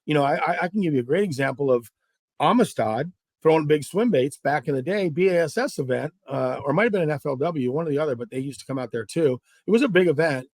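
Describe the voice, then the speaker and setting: A man's voice: on the high side, quick pace, no echo, studio quality. A middle-aged man from Southern California, a guest angler telling fishing stories in a casual interview and acting out the dialogue. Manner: animated, acts out dialogue in stories.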